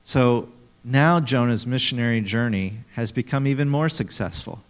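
A man in the middle of a sermon, speaking to a room of listeners at a mid pitch. He teaches in a lively way, asks people questions and acts out the lines he reads with big dramatic swings. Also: moderate pace, clean tone. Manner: animated, acts out quotes dramatically, talks to audience members. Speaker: pastor.

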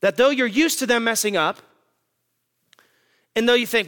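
A man's voice: high voice, lively intonation, moderate pace, pauses often, a bit bright, in a large hall. A male pastor preaching a sermon to his congregation, emphatic and full of rhetorical questions.

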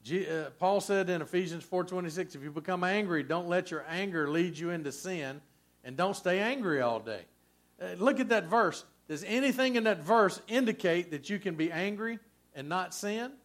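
A man preaching a sermon as a pastor, conversational and folksy, with frequent asides to the congregation. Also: normal speed. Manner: conversational preaching, folksy asides, lively swings in pitch and loudness.

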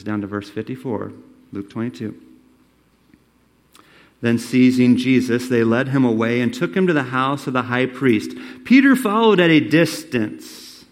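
A man preaching a sermon, acting out quoted lines and swinging between loud, emphatic phrases and hushed ones. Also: mid-range voice. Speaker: pastor.

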